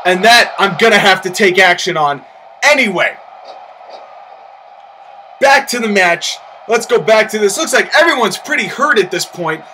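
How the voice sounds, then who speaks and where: A man giving excitable play-by-play commentary on a wrestling match, breaking into loud, shouting rants and incredulous outbursts. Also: sits high, moderate pace, long pauses, slight background noise, low-quality recording.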